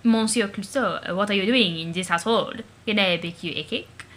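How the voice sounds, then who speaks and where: A woman's voice: mid-range voice, normal speed, a bit bright, lightly acted. A woman voicing a fussy middle-aged father with pompous, theatrical politeness.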